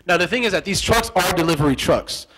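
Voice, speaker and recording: A man's voice: sits high, lively intonation, fast talker, bright, forceful tone, breathy edge, rough recording. A young American man, a former soldier, telling a story in an interview. He talks animatedly, repeats phrases for effect, and acts out the dialogue he remembers.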